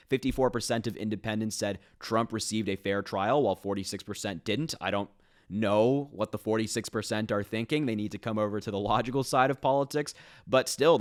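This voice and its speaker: Sarcastic political commentator. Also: male voice, medium pitch. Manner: sarcastic, mocking.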